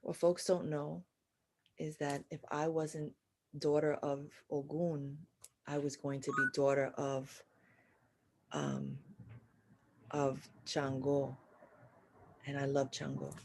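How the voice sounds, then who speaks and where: A woman giving a live horoscope and spiritual reading to an audio chat room, blunt and profane, swinging from loud urging to soft murmurs, with repetitive chant-like phrasing. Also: very deep voice, flat delivery, slow pace, creaky, long pauses, slight background noise. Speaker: astrology and spiritual reader.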